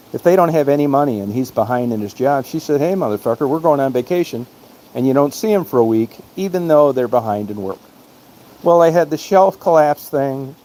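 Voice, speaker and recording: A man with an ordinary mid-pitched voice rambles through a personal anecdote, casual and profane. His talk is blunt and unpolished. A faint hiss of noise sits under the recording. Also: mellow. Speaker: podcast host. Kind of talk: casual storytelling monologue.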